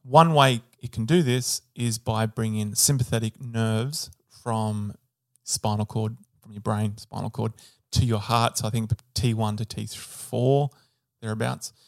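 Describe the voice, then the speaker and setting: A man's voice: fairly low pitch, a little slow, hardly any pauses. A man co-hosting an educational podcast, casually explaining heart physiology and hedging on details. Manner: relaxed explainer, hedges on details. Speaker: podcast co-host.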